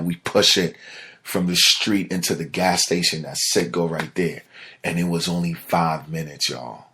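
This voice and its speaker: Low, husky-voiced man telling a story. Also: unhurried. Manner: animated storytelling, drops to a low mutter when upset. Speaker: podcast host. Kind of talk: casual solo podcast talk.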